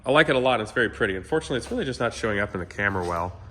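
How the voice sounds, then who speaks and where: A man's voice: fairly low pitch, animated, rapid-fire, bright, forceful tone, a little hiss or hum. A man hosting his own car channel, talking candidly and rambling to viewers while walking through his shop. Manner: candid, rambling, talks to viewers as "you guys". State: sick. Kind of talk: casual vlog walkthrough.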